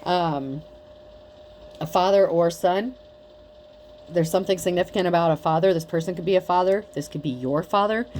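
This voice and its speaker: A woman's voice: on the low side, moderate pace, long pauses, a little mellow, a little hiss or hum. A woman giving a casual tarot reading, talking bluntly with lots of swearing and mockery. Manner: blunt, profane, mocking. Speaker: tarot reader.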